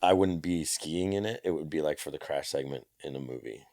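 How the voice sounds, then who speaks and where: A man's voice: a bass voice, a little fast, a little mellow, no room sound, clean studio sound. A man guesting on a podcast, talking loosely and rambling with plenty of fillers, casual swearing and easy laughs. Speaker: podcast guest, entertainer and skier. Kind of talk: casual interview chat.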